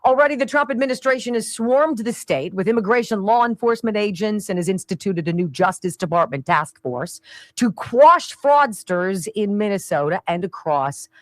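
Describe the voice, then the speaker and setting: A middle-aged woman hosting a talk radio show, delivering a sarcastic, opinionated monologue and slipping into quick voices for the people she quotes. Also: fairly high pitch, no echo.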